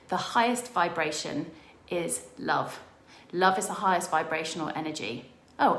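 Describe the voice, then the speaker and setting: A middle-aged woman business coach giving an enthusiastic motivational talk, telling stories with excited quoted voices. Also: lowish voice, echoey room, a little hiss or hum. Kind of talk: motivational monologue.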